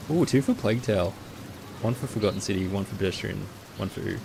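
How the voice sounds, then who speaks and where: A man streaming live in casual chat, who talks in a chatty way and answers his viewers with quick asides. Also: on the low side, creaky. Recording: steady rain noise behind.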